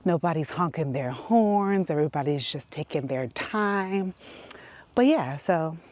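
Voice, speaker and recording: Her deep voice has lively intonation, a slightly slow pace and a mellow edge, captured without echo. She's a beauty vlogger from New York City, walking a quiet country road and telling a story casually, a little winded, voicing quotes with laughs.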